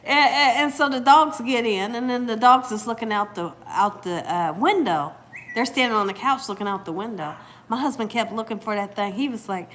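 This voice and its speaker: A woman hosting a channel, telling a story in an animated, casual way and talking straight to viewers. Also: fairly high pitch, brisk. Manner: animated, addresses viewers as "y'all". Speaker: cooking channel host.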